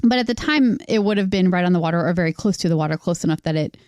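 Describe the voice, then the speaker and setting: Female podcast co-host, lowish voice, chatty and giggly, dry close sound. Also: rapid-fire, darkish tone, no room sound. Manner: chatty, laughs often, says "like" and "totally". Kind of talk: casual podcast chat. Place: RV parked near the sea.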